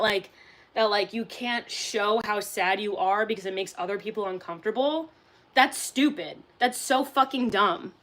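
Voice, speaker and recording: A woman's voice: medium pitch, fairly bright tone. A young woman casually chatting on a livestream, reading out and answering chat, candid, swearing and laughing often.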